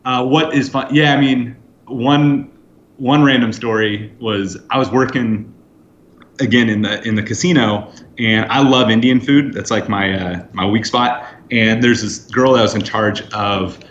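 A man in his thirties from the United States, a podcast guest telling lively anecdotes and acting out quoted lines. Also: mid-range voice, measured pace, slight background noise. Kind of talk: storytelling in a podcast interview. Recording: roomy, slightly dull sound.

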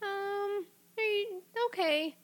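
Girl with a really high voice, slow and unsure, lots of ums. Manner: hesitant, filler-heavy. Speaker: player. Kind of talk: tabletop role-play.

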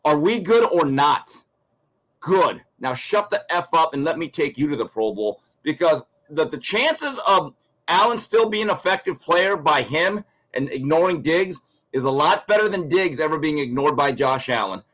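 A man's voice: a little high, animated, normal speed, a bit bright, poor audio. A man giving blunt, ranting sports commentary as a show guest, acting out quotes from others. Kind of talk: opinionated sports talk.

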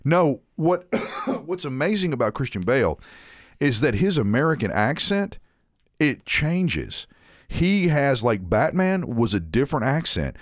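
A man's voice: mid-range voice, big pitch swings, unhurried, no echo. A man co-hosting a casual chat, rambling and profane, often trailing off mid-sentence.

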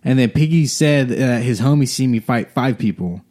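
A young man from Watsonville, California, casually telling a profane, animated story about a party fight, often laughing. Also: mid-range voice, normal speed.

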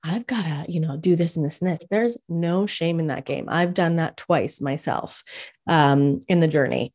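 A woman's voice: fairly low pitch, darkish tone. A woman in her thirties hosting a solo podcast from home, talking casually and energetically about business, with frequent fillers. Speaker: podcast host and business coach.

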